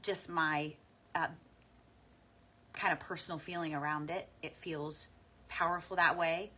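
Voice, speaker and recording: With a steady, breathy voice, a woman takes listeners through a slow tapping meditation. Her delivery is gentle and unhurried, broken up by frequent deep breaths and sighs you can hear.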